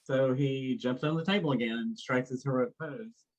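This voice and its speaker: A man's voice: medium pitch, moderate pace, lo-fi sound. A man co-hosting a casual chat, eagerly retelling a story. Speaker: co-host.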